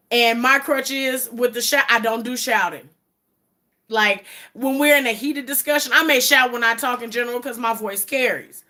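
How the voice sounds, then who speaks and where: A woman, chatting bluntly and profanely to a live-stream audience, sometimes dropping to a low, quiet voice. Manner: blunt and profane, with quoted asides; drops to a low, quiet voice in places. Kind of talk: casual live-stream chat.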